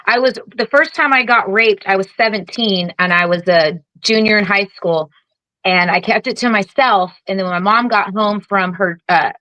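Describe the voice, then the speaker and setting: A woman's voice: mid-range voice, pushed and bright, no echo, poor audio. A woman guest telling her story in candid conversation, blunt and swearing heavily as she acts out what she and others said. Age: adult with children. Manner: blunt, heavy swearing, vivid quoted retorts. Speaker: guest, Air Force veteran.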